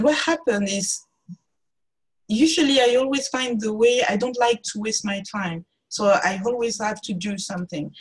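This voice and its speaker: A woman's voice: mid-range voice, husky, rough recording. A woman artist speaking as a guest on a video-call interview, thoughtful and searching for her words. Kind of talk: reflective interview talk.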